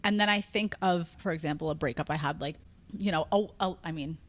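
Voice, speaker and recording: A young woman co-hosting a podcast, speaking earnestly in casual chat and getting animated when she quotes herself. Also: low voice, a little fast. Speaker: podcast co-host.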